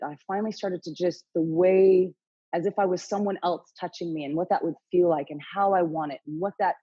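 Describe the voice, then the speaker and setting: A woman's voice: fairly low pitch, warm tone, husky, no room sound, highs cut off. A woman in her late forties, a podcast guest telling her story frankly, swearing freely and acting out her own inner dialogue. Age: late 40s. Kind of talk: candid interview storytelling.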